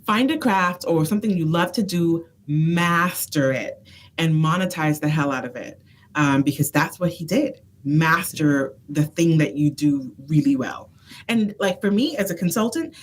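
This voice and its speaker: A woman consultant co-hosting a casual talk show, with a very low voice. She gives earnest advice with animated asides. A faint hiss sits under the recording. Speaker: consultant and co-host. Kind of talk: casual chat. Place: phone booth studio.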